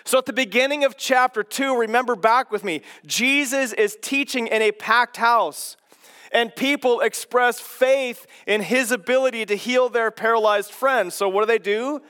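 A man delivers a sermon in a notably high voice. He explains things eagerly and in an animated way, throwing rhetorical questions to his congregation as he goes. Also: moderate pace, clear, resonant tone. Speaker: pastor.

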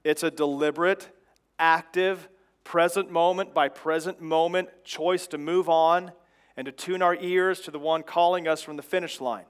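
A man's voice: fairly high pitch, fairly even intonation, normal speed, clean tone. A man in his thirties preaching a sermon in an earnest, exhorting way, pressing his points with repeated phrases. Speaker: pastor.

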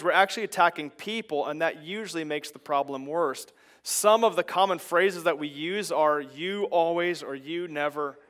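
A man's voice: on the high side, fairly bright tone. A middle-aged man preaching a sermon as pastor, in an emphatic, conversational way that builds in intensity.

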